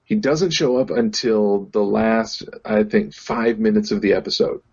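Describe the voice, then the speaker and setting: Hesitant casual talker, low husky voice, lo-fi recording. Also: male voice, measured pace, a little mellow. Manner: hesitant, filler-heavy. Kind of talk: casual podcast chat.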